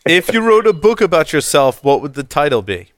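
A man's voice: fairly high pitch, sing-song, brisk, no echo. A man hosting a panel show, asking quiz questions in a playful, teasing way. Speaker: host.

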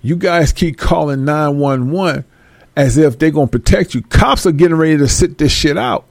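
A man giving a blunt, preachy, animated rant to his viewers, swearing freely. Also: fairly high pitch, normal speed, creaky, no echo, clean studio sound. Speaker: vlogger. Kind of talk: ranting commentary to viewers.

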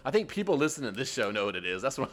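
A man's voice: medium pitch, big pitch swings, racing, a bit bright. Laughing, rambling man in casual chat. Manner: laughs often, rambling, says dude a lot. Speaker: podcast co-host.

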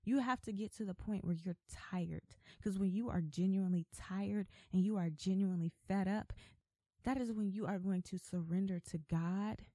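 A woman's voice: medium pitch, moderate pace, mellow, no room sound. A woman hosting a faith podcast, talking emphatically and with repetition, like an exhortation. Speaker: podcast host.

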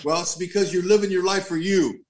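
A man's voice: high voice, fairly even intonation, brisk, natural voice. A man voicing God as a friendly, teasing buddy in a told story, easygoing and chummy.

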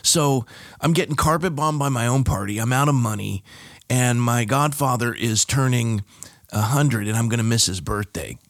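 A man's voice: mid-range voice, normal speed, no echo, studio quality. A middle-aged pastor from California, a podcast guest, telling a personal story with emphasis and lifting his voice for the key moments. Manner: emphatic storyteller, lifts his voice for punch lines. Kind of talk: storytelling in an interview. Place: podcast studio.

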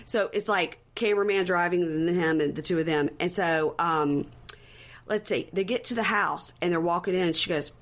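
A woman co-hosting a casual chat, retelling scenes with lots of animated quotes and profanity. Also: brisk. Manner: animated storyteller who acts out quotes with big pitch jumps; profane, gossipy. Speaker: podcast co-host recapping a reality show.

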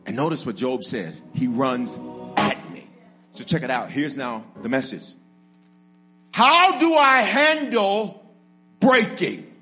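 A man preaching an energetic sermon. He leads the congregation in call-and-response, jokes with them, and swings from low asides to shouted, drawn-out climaxes. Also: faint music behind. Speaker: pastor.

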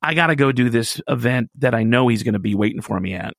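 A man on a radio talk show spins a casual story into a studio microphone. His voice has a gravelly, creaky grain and swings widely in pitch as he gets animated. The sound is close and dry. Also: fast, no room sound. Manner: animated, laughs through his own story.

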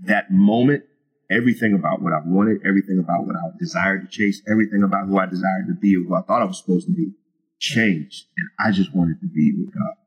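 Fast-talking low-voiced man sharing his story. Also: muffled recording. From Virginia. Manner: earnest storyteller, casual with many fillers and restarts. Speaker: guest. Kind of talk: personal testimony in an interview.

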